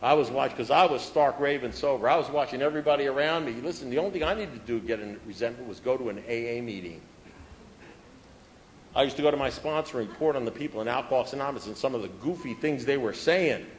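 A man's voice: mid-range voice, fast, a little hiss or hum, low-quality recording. A man telling his recovery story to an audience in a humorous, conversational way, repeating phrases for rhythm. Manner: humorous, self-mocking and conversational. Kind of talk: personal storytelling talk to an audience.

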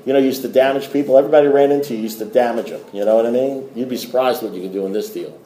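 A man's voice: mid-range voice, racing, mellow, echoey room. A middle-aged man speaking to a recovery meeting, telling a story in a rambling way with restarts and wry asides. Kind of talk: storytelling talk to a group.

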